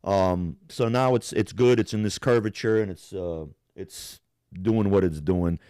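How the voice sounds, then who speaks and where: A man's voice: deep voice, measured pace, dark tone, clear, resonant tone, no room sound, studio quality. A young man on a live stream telling a long, profane story in a casual, rambling way. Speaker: podcast co-host.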